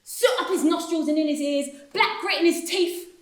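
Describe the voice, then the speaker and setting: A woman's voice: very high voice, normal speed, recorded from a distance. A woman acting a wheedling male street performer who fakes drownings for money, in an amateur stage scene recorded off-mic in an echoey room. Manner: wheedling, salesman patter, mock-respectful. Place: drama class room.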